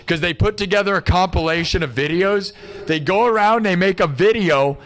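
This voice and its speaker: A man with a somewhat high voice talks casually to his live stream audience. He rants in an exasperated way and keeps calling his viewers "dude" and "bro". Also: moderate pace, a bit bright. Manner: ranting, exasperated, says "dude" and "bro" a lot. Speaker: livestream host. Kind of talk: casual livestream rant.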